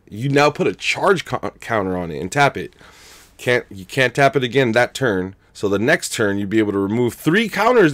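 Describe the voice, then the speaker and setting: A man's voice: medium pitch, dry recording. A young man casually commenting on his game live, using slang and thanking viewers for donations. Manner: casual, laughs loudly, slangy, reads donations aloud. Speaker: streamer. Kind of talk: live-stream gameplay commentary.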